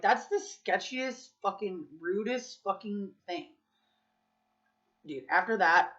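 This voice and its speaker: A woman's voice: mid-range voice, fairly bright tone, lo-fi sound. A woman vlogging in a candid, casual confessional chat, swearing freely and saying "like" and "dude" a lot. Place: Las Vegas.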